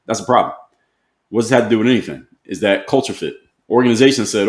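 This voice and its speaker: A blunt man in his thirties talks quickly and emphatically, hammering his points home. His voice carries a roomy echo, as if recorded in a bare room. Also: lowish voice, animated. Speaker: motivational commentator. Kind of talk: casual commentary to camera.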